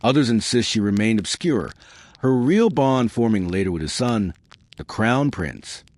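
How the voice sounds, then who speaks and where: A man with a low voice narrates a history story meant to lull the listener to sleep. His delivery is calm and soothing, yet his pitch moves in lively curves. The sound is close and dry, with no room around it. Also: a little slow, no room sound. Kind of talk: slow bedtime history narration.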